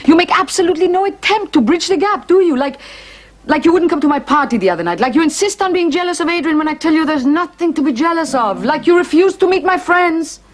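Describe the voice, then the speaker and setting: A woman's voice: very high-pitched, expressive. An actress playing an earnest artistic woman arguing with the man she is seeing, in a 1980s TV drama. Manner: earnest, pleading, quick-spoken.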